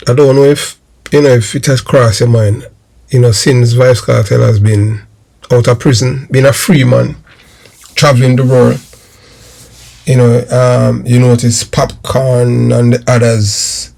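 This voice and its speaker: Jamaican guy with a gravelly voice, hosting his channel, rambly, lots of you know and um. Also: mid-range voice, darkish tone. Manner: rambling, repeats phrases, many fillers. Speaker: YouTube channel host. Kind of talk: casual crime commentary.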